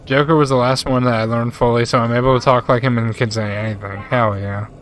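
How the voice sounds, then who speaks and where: A man's voice: medium pitch, fairly even intonation, quick pace, slight background noise. Laid-back young male streamer saying bro. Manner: laid-back, chatty, says "bro" a lot. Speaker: gaming streamer. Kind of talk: live gameplay commentary reading chat.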